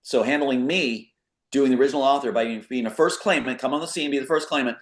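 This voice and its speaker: A man's voice: medium pitch, quick pace, roomy sound. A man speaking as an interview guest, insistent and repetitive, rephrasing his points as he goes. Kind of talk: conversational video interview.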